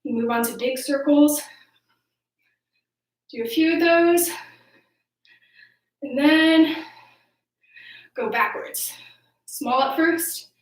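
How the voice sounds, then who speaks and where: Breathless high-voiced woman coach counting reps. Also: slow, long pauses. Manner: upbeat, counting reps aloud, encouraging. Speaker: youth sports coach. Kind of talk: leading a home workout video. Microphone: camera mic at a distance. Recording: echoey room, voice from off-mic.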